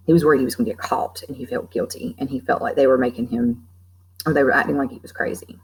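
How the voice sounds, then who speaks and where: A woman's voice: extremely low pitch, fairly even intonation, quick pace, breathy edge, rough recording. A woman teaching a literature lesson in a casual, explaining way, with many fillers and restarts.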